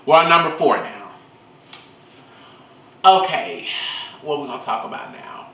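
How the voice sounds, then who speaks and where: A man's voice: fairly high pitch, a little slow, roomy sound, recorded from a distance. A young man telling school stories in a casual vlog, rambling and swearing freely into his phone. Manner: rambling, profane, animated storytelling.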